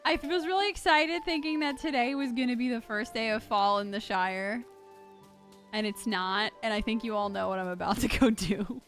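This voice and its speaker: An excitable young woman chatting to her live-stream viewers while she plays, her voice bright and forceful and pitched a little high. She tells stories and breaks into loud outbursts. Game music plays softly behind her. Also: moderate pace. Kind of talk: casual live-stream chat while gaming.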